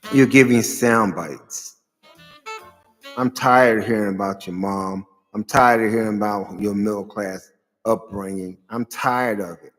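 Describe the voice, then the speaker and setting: Low-voiced man ranting sarcastically. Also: steady tone, moderate pace. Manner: rambling, hunts for words, sarcastic, bursts into loud outbursts. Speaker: show host. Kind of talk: casual political commentary monologue. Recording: long reverb with faint music behind.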